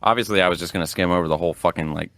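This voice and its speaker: A man's voice: sits low, racing, no echo, clean studio sound. A man co-hosting a podcast, telling stories in a rambling, casual way with lots of fillers. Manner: rambling, animated storytelling with frequent fillers. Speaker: podcast co-host. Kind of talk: casual chat.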